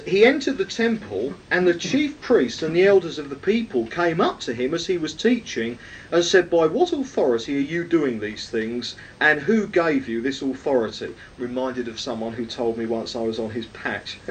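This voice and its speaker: A man's voice: sing-song, moderate pace. Emphatic male preacher, distant mic. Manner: emphatic, rhetorical questions to listeners. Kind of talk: sermon, Bible teaching. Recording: distant mic, faint rumble.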